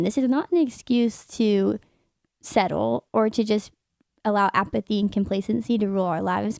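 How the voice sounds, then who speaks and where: Young adult woman, American accent, gravelly fry, mellow tone, earnest, reflective. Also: mid-range voice, no echo, studio quality. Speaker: guest, magazine staff writer. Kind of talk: casual faith-based radio talk.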